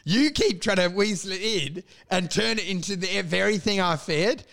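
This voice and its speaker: A man co-hosting a comedy podcast, swearing freely and bursting into shouted impressions. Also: sits high, animated, moderate pace, creaky. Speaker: podcast co-host. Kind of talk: casual comedic chat.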